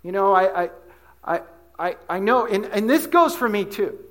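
A man's voice: high-pitched, moderate pace. A man preaching a sermon as pastor, telling stories with acted quotes and asking the congregation questions. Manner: animated storytelling with asides and acted quotes. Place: church.

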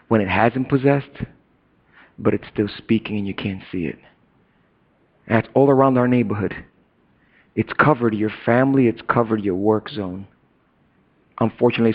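A middle-aged man preaching a sermon as a pastor, chatty and casual, who swings from loud, high bursts to hushed, low asides. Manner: casual slang and asides to the congregation. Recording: dull lo-fi recording.

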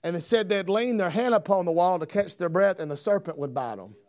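Pastor, high voice, homespun preaching that swells to fervor. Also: male voice, animated, brisk, few pauses, a little mellow. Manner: folksy, rising to fervent preaching. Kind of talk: sermon.

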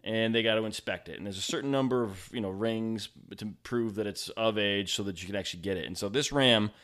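A man's voice: fairly low pitch, fairly quick, a bit bright. A man hosting a podcast, telling a story and chatting easily. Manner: easygoing, chuckling, affirming. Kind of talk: casual chat.

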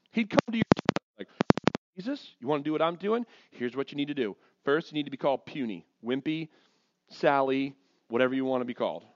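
A man delivers a sermon full of jokes and acted-out quotes, his voice a little high. The recording sounds dull and lo-fi, with no room echo at all. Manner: lively, jokey storytelling with acted quotes. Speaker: pastor.

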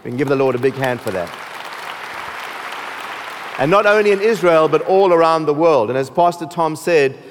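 Male pastor, South African accent, raised voice, relaxed humor, sermon with long reverb. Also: fairly high pitch, moderate pace, long pauses, a faint crowd, a little hiss or hum. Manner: joking, with laughs and restarts.

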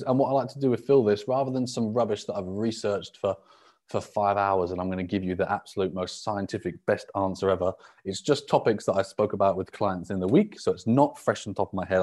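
A young man from the UK hosting a casual solo fitness podcast, relaxed and sweary, rambling with lots of fillers. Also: lowish voice. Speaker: podcast host and rugby fitness coach. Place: indoors at a laptop on a live video call.

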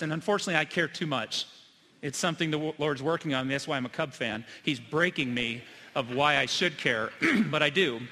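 A middle-aged male pastor with a fairly high, bright, forceful voice preaches a sermon. He tells personal stories earnestly, rising to loud emphasis and dropping to hushed, quiet lines. His voice rings through a church sanctuary with a long reverb.

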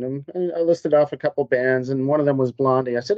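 A man guest on a business podcast, telling stories in an animated, conversational way and acting out what people said. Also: medium pitch, quick pace, hardly any pauses, no echo, lo-fi sound. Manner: animated storyteller, acts out quotes. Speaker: podcast guest, MSP consultant. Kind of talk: conversational interview storytelling.

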